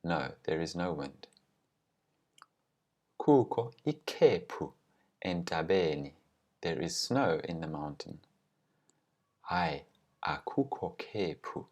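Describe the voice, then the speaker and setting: Very deep-voiced man teaching grammar. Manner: slow, careful pronunciation of example phrases. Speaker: language teacher. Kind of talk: explaining grammar with example phrases.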